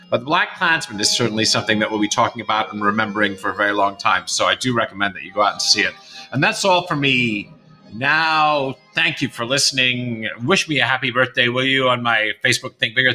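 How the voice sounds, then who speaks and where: Chatty and rambling, a man in his 50s wraps up his podcast with a closing monologue, slipping in and out of different accents. His voice sits fairly low and sounds pushed and bright.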